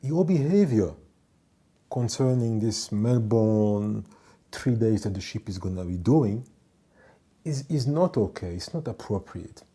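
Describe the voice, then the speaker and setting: A man telling a story from his work as a ship's doctor and department head, in a measured, emphatic way that repeats points for stress. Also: fairly low pitch, lively intonation, dark tone, husky. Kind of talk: storytelling monologue.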